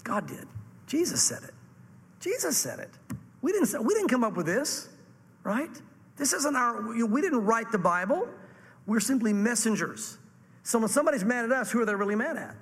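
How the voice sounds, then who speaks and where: High-voiced man preaching in a reverberant hall. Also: normal speed, slightly rough. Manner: animated preaching, acting out quoted voices. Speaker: pastor. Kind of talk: sermon.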